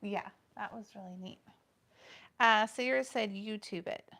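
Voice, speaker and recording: A woman co-hosting a livestream, reading viewer comments aloud and chatting casually, with frequent pauses and fillers. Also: mid-range voice, bright, forceful tone. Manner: reads out chat comments, hesitant with many fillers. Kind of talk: casual live-stream chat with viewers.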